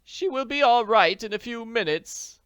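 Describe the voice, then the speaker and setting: Man playing Mrs. Potter: anxious, high-pitched woman, caring, pleading tone. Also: lively intonation, normal speed, a bit bright, smooth, no room sound. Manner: pleading, worried. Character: anxious, kindly woman friend, fussing.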